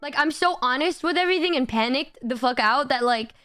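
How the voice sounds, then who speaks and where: A young woman in her twenties, streaming and telling a story in a casual, animated way, laughing often and swearing freely. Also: sits high, fairly quick, clean tone, dry recording, studio quality, soft background music. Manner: animated, giggly, swears a lot. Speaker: livestreamer.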